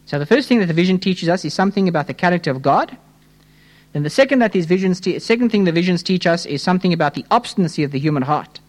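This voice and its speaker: A man preaching a sermon, fervent and questioning, dropping low and rising to urgent pleas. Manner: impassioned, swings between hushed low tones and fervent raised pleas; addresses listeners as friends, rhetorical questions.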